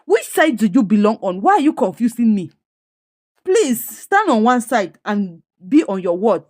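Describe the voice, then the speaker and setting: A woman's voice: on the high side, big pitch swings, moderate pace, no room sound, clean studio sound. A woman with a Nigerian accent quoting a stubborn, struggling father in her own voice, defensive and insistent.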